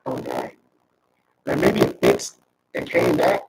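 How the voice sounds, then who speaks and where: A man talking casually as a guest through a robot voice filter, slangy and animated, quoting himself in asides. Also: a bass voice, slow pace, creaky, recorded from a distance, a little hiss or hum, rough recording. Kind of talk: casual livestream chat.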